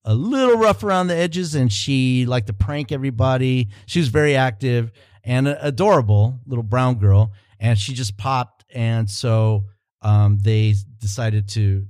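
A man's voice: mid-range voice, a little mellow. A man who works as a cultural consultant and consulting producer, talking in a casual podcast interview and telling long stories with frequent restarts and fillers. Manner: rambling storyteller with frequent restarts.

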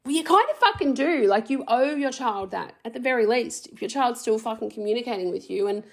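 Raw, emotional woman, high voice. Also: expressive, a little fast, creaky. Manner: raw, emotional, heavy swearing; rambling, restarts, many fillers. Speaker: vlogger. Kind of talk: emotional personal vlog.

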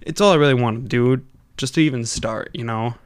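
A man's voice: medium pitch, fairly quick, smooth, dry recording. Wisconsin guy rambling on a podcast, kinda slurry loose talk, dry close mic. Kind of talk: casual podcast chat.

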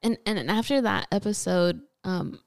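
A woman's voice: mid-range voice, moderate pace, creaky. A woman hosting a podcast in casual conversation, reacting with short, light interjections. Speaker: podcast host.

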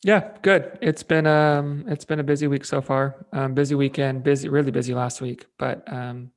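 A man's voice: mid-range voice, steady tone, normal speed. A man, a fitness trainer, co-hosting a podcast in an upbeat, rambling way and laughing often. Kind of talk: casual chat.

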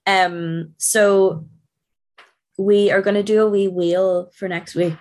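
A young woman co-hosting a podcast in casual chat, chatty and quick to laugh. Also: mid-range voice. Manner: chatty, excitable, laughs often. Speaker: podcast co-host.

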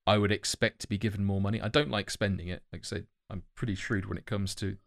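Low-voiced man rambling on a podcast. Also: fairly even intonation, quick pace, gravelly, dry recording, studio quality. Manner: rambling, self-correcting, many "um" and "like". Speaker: podcast co-host. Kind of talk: casual podcast chat.

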